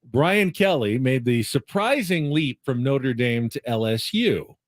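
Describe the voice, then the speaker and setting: A man's voice: medium pitch, expressive, measured pace, dry recording, studio quality. A male sports radio host in casual chat, easygoing as he sets up a story.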